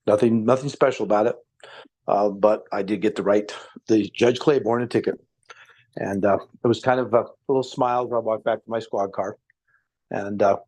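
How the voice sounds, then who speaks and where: Older ex-cop, low rambling voice. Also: male voice, a little mellow. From Nevada. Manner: rambling, hesitant with many uh's. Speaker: guest, former police officer. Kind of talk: casual storytelling on a live stream.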